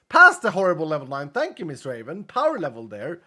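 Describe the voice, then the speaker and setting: A man's voice: wildly swooping pitch, fairly quick, hardly any pauses, sharp tone, soft background music. A male streamer chatting casually and thanking viewers, his voice held back and subdued because an injured rib keeps him from pushing it. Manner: low-key, chatty, thanks viewers one after another. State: subdued, unable to push his voice from a cracked rib. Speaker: streamer reading out donations. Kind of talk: casual livestream chat.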